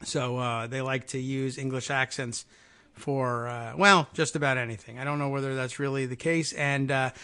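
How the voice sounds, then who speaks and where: A man's voice: mid-range voice, fairly even intonation, moderate pace, pushed and bright, clean tone. A middle-aged man hosting a political talk radio show, musing in a wry, meandering way with frequent fillers and asides.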